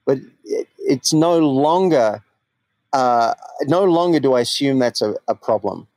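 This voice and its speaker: A man's voice: medium pitch, expressive, unhurried, a little mellow, no room sound. Podcast host man, open personal stories, dry close sound. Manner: candid, personal storytelling. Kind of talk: casual chat.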